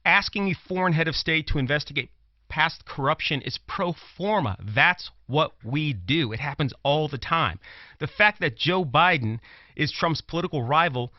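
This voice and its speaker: A man's voice: on the high side, normal speed, dry recording. A man from Brooklyn, arguing his political commentary with emphasis and repeating phrases as he presses his point. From Brooklyn, New York. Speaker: commentator, former prosecutor. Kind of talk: political commentary talk show. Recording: dull lo-fi dry sound.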